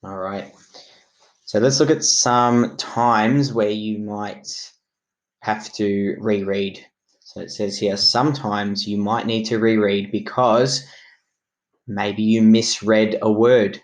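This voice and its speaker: A man speaks in a fairly low voice as a primary school teacher recording a reading lesson. His delivery is slow, clear and encouraging, pitched for young children. He sounds like he is in his classroom. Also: fairly even intonation.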